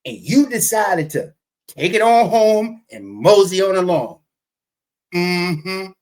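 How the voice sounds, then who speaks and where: A male host giving sarcastic, skeptical commentary in a teasing, drawn-out way. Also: sits high, sing-song, a little mellow.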